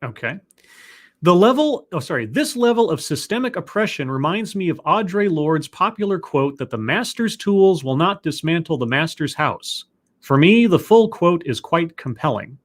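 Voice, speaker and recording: A man's voice: fairly high pitch, big pitch swings, normal speed. A man reading an essay aloud on a live stream, stopping often to question it with dry, sardonic remarks.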